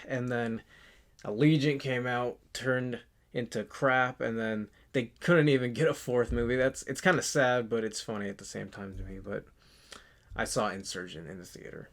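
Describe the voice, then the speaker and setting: A man in his twenties chatting casually in a vlog, rambling and halting with lots of fillers and restarts. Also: medium pitch, steady tone, fairly bright tone. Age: 20s. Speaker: channel host. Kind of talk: casual movie collection vlog.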